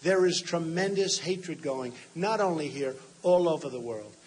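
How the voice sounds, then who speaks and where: A man's voice: fairly high pitch, animated, unhurried, a little mellow, slightly rough. A man in his sixties giving an off-the-cuff campaign rally speech to a large hall, emphatic and repetitive, often talking straight to the crowd. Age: 60s. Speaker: political candidate.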